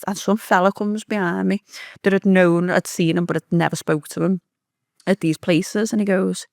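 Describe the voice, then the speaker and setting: A woman's voice: medium pitch, steady tone, moderate pace, creaky, no room sound, clean studio sound. A woman with a Liverpool accent, a podcast guest telling a vivid story, blunt and swearing freely. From Liverpool, England. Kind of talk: storytelling in an interview.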